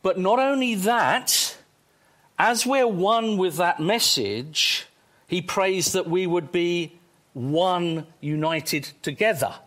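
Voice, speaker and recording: Male preacher, high and very animated, excitable sermon delivery. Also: slow. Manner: excitable, swings from quiet to loud exclamations.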